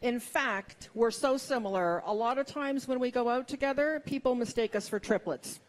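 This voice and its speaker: A woman's voice: a little high, moderate pace. A middle-aged woman performing a stand-up comedy set, with wry, self-mocking punchlines.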